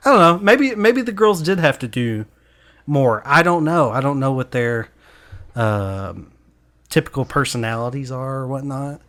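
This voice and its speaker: A man's voice: a little high, fairly bright tone. A man hosting a casual movie review podcast, pressing his co-hosts with questions and debating their points. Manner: questioning, argumentative. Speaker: podcast host.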